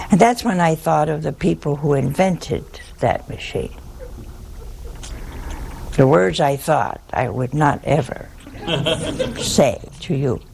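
A woman's voice: low voice, vocal fry, a little mellow, slight background noise. An older woman, a nun, telling a humorous story in a folksy, wry way with frequent chuckles. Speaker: nun giving a talk.

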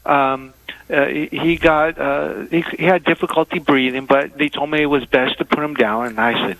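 A man phones in to a call-in radio show and tells a heartfelt personal story. He speaks haltingly and hesitates often. His voice is bright and forceful, and the sound is dry and close. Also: a little high, fairly even intonation, creaky, no echo, poor audio. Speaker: caller.

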